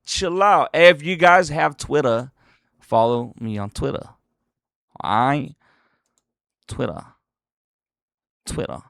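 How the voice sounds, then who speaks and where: A man hosting a casual livestream, talking loud with slangy, joking banter into a desk microphone. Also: a little high, slow, gravelly, pauses often, clean tone. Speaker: livestream host. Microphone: desk microphone being adjusted.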